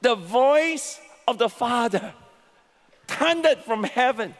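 A man's voice: extremely high pitch, animated, slow pace. A male pastor preaching a sermon, leading the congregation to repeat lines after him. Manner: preaching, leads congregation in call-and-response. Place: large church auditorium. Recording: long hall reverb, church sanctuary.

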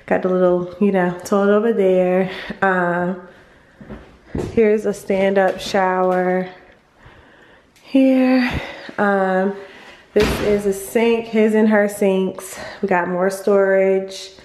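A woman's voice: mid-range voice, fairly even intonation, slow, pauses often, a little mellow, slight background noise. A young woman giving a casual, gushing tour of her family's new empty house, recorded on a handheld phone, talking with lots of fillers and a little out of breath as she walks room to room. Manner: chatty, gushing, full of fillers. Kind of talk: casual home tour vlog.

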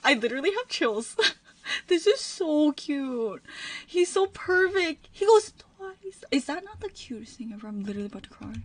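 A woman's voice: high voice, very animated, normal speed, dry recording, distant mic. A young woman streaming a reaction video, gushing and emotional, at times close to tears. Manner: gushing, emotional, swings to near tears and whispers. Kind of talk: excited reaction commentary.

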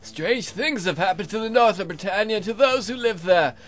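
A man voicing a hoarse, slow-speaking male Unseelie spirit in a long cloak, reading game text with theatrical proclamations. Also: sits high, expressive, fairly bright tone, soft background music, voice pushed up. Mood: bargaining.

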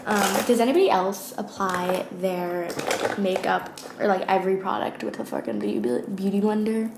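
A woman's voice: mid-range voice, expressive, moderate pace, creaky. A young woman chatting casually through her makeup routine as a beauty vlogger, rambling with lots of fillers. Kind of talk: casual get-ready-with-me chat. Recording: echoey room with faint ambient noise.

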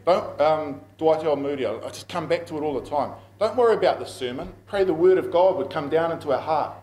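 A middle-aged pastor with a New Zealand accent delivers a sermon in a relaxed, conversational way, often laughing at his own stories. His voice sits a little high for a man. The sound carries the echo of a large room. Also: fairly quick. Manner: conversational storytelling, laughs at himself. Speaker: pastor and school principal. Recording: echoey room.

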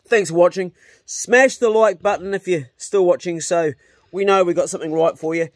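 On a beach, a New Zealand man records his homesteading vlog, chatting easily and speaking affectionately to his dog. He talks at a normal speed in a fairly high voice, and there's no room sound.

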